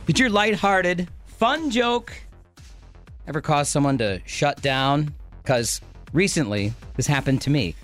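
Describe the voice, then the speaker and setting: A man's voice: fairly high pitch, expressive, a little slow, fairly bright tone, soft background music. A man co-hosting a morning radio show, telling a story in casual banter and often stopping to restart his sentences. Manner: rambling storyteller, self-interrupting.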